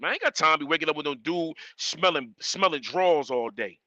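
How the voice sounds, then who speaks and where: High, bright-voiced man ranting on a livestream. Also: brisk, few pauses, no echo, lo-fi sound. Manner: animated, emphatic, repeats himself. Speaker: livestream host. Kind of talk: ranting live stream talk.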